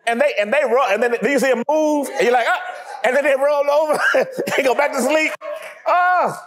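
Male pastor, high tenor, animated sermon delivery, plays out scenes. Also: a little fast. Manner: animated, acts out scenes, laughs often.

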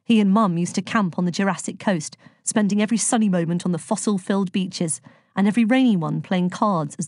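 A woman narrating an audiobook in a measured, expressive reading. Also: fairly low pitch, dry recording, clean studio sound. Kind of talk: scripted narration.

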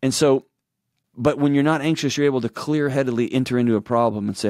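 An earnest man in his forties with a drawl, speaking at a middle pitch in a dry, close studio sound. He tells personal stories and slips into other people's voices when he quotes them. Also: steady tone, fast, darkish tone, no room sound. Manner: earnest storytelling, acts out quotes in shifting voices. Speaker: guest, author and show host. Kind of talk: candid conversational interview talk.

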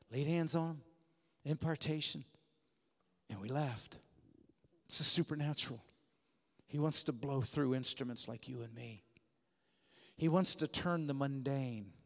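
A man preaching a sermon, telling a story animatedly and swinging from hushed to loud. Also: on the high side, animated, a little slow, vocal fry, long pauses. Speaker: guest preacher. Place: church sanctuary. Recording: church hall reverb.

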